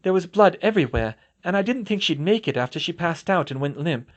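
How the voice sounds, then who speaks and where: A blunt, cold young woman student, as a man puts her on in an audiobook, telling things flatly and matter-of-factly. Her voice is pitched a bit above a man's usual. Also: fairly quick, lo-fi sound, lightly acted.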